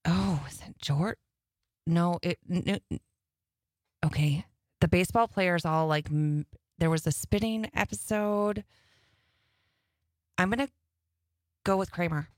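A woman guest on a radio show, chatty and excitable while answering quiz questions, saying "like" often. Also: lowish voice, measured pace, long pauses, dry recording, studio quality. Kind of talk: casual chat, answering a quiz.

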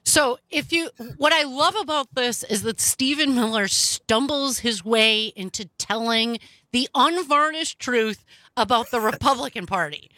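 A woman hosting political talk radio, sarcastic and animated, with quick asides. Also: on the high side, dry recording. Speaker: radio talk show host.

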